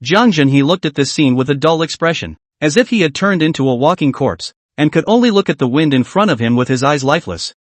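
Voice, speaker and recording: Lively male story narrator. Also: fairly high pitch, no room sound. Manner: dramatic storytelling. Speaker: recap narrator.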